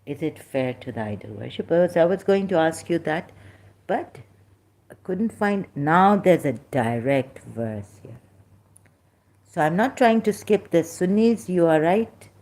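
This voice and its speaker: A middle-aged woman with a low, mellow voice talks through religious questions off the cuff. She wanders from point to point, stopping on "uh" and restarting her sentences. It comes across as unscripted commentary. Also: lively intonation, measured pace. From Pakistan. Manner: rambling and hesitant, with frequent fillers and restarts.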